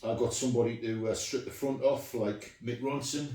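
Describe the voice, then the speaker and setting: A man's voice: mid-range voice, steady tone, normal speed, warm tone. Rambling man, roomy sound. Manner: chatty, rambling, many ums and uhs. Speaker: guitarist showing his guitars. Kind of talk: casual show-and-tell. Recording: echoey room, mic at a distance.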